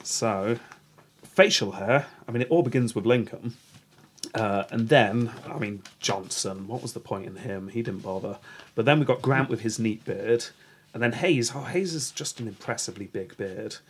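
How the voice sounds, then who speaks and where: A man's voice: on the low side, moderate pace, husky. A man co-hosting a casual chat, teasing and laughing often. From England. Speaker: podcast co-host.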